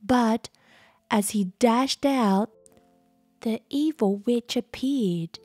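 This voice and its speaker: A woman narrating a fairytale as a gentle bedtime story with very slow, gentle pacing. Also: a little high, slightly rough, no echo. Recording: soft background music.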